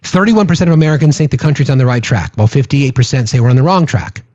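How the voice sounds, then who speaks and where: A man's voice: medium pitch, expressive, fast talker, a little mellow, no echo, muffled recording. Earnest man hosting a political livestream. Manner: earnest, many restarts and "right?" asides. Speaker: livestream host. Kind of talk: casual political livestream chat.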